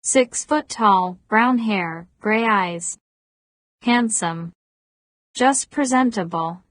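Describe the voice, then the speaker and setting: A woman voicing a guarded, persistent man in his thirties in an audiobook, at a slow pace. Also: mid-range voice, a bit bright, no echo. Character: wary 37-year-old man, persistent and guarded.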